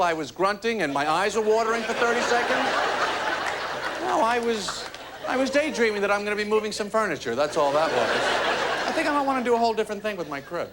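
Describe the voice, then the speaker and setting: A man's voice: high-pitched, heavy background noise. A man on stage voicing a sly little boy who insists, with mock innocence and indignation, that he did not soil his pants. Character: sly male toddler denying he soiled himself. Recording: loud studio audience laughter.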